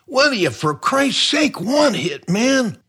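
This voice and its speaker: A man voicing a cranky, excitable old man who shouts in shrill, stammering outbursts. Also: slow pace, husky, full character voice.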